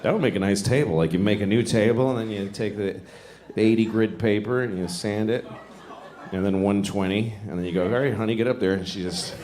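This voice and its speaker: On a comedy club stage, a Boston man in his forties performs a rambling, self-mocking, crude stand-up set. His fairly low voice goes a little fast, and the club echoes with a loud crowd.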